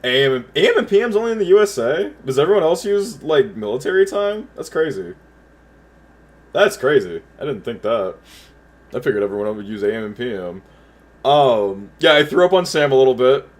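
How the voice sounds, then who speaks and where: A young man with a medium-pitched, sing-song voice talks fairly quickly while livestreaming from home. Chatting with his viewers, he tells a rambling story full of stuttered restarts and lots of swearing.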